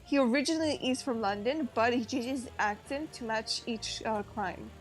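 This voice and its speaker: A woman's voice: fairly high pitch, moderate pace, faint music behind. A woman teasing her friends and bossing them around during a game playthrough. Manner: bossy, teasing. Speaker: gamer in a group playthrough. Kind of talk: casual chat.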